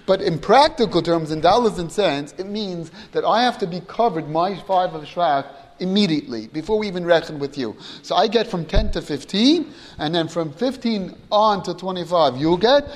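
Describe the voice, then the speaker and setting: A man with a high voice lectures a Talmud class in a lively, animated way. He acts out the two sides of a deal and keeps dropping Hebrew and Yiddish terms into his English. The sound carries a long reverb from the room. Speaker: Talmud teacher.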